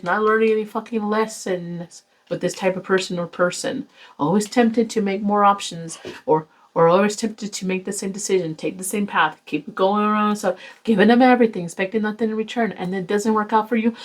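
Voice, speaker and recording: A woman's voice: mid-range voice, a little fast, a little mellow, poor audio. A woman giving a casual tarot reading to camera, blunt and exasperated, swearing and lecturing her viewers. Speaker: tarot reader.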